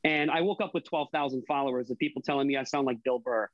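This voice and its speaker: A man's voice: mid-range voice, fast talker, no echo, muffled recording. A man guesting on a casual podcast, talking about his online videos with fillers and swearing. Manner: chatty, profane, hesitant fillers. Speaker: guest, online cooking creator.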